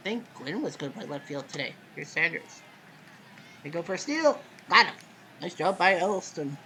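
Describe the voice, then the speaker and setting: A man hosting casual play-by-play commentary of a simulated baseball game, relaxed and chatty, with sudden loud calls on big plays. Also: a little high, normal speed, slight background noise.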